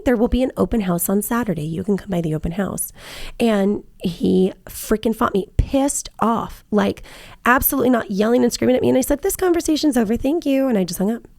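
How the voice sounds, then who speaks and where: A woman's voice: fairly high pitch, darkish tone, no echo, clean studio sound. A woman realtor telling work stories in casual chat, acting out both sides of her phone calls. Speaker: realtor and podcast host.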